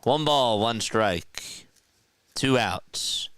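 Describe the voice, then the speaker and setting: A man's voice: mid-range voice, lively intonation, very slow, fairly bright tone, clear, resonant tone, no room sound. A young man giving casual live baseball play-by-play, chatting and laughing with viewers. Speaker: play-by-play streamer. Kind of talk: live baseball commentary and chat.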